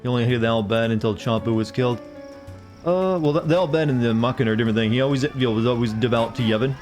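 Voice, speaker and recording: A man's voice: medium pitch, racing, a little mellow. A young man rattles off casual commentary over his game stream, rambling and cracking jokes at the cutscenes. His voice sits mid-range, and faint game music plays beneath.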